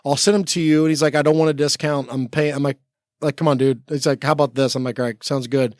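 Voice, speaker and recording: Rambling man in his forties, guest on a podcast, slightly high voice, dry close sound, acts out the dialogue in his stories. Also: steady tone, fast talker, dry recording. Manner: rambling, full of 'like', acts out quoted talk. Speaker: podcast guest, former Navy SEAL. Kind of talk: casual storytelling chat. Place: podcast studio.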